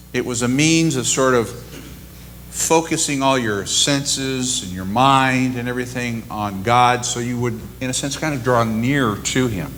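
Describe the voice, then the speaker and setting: A man's voice: mid-range voice, fairly bright tone, slight background noise. A man preaching a sermon and retelling scripture in a casual, storytelling way. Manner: conversational storytelling. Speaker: pastor.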